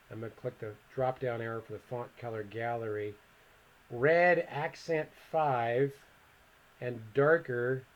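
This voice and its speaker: Male instructor, mid-pitched, easygoing step-by-step screen tutorial narration. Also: muffled recording. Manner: relaxed step-by-step walkthrough, thinking aloud. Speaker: computer instructor. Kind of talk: screen-recorded software tutorial.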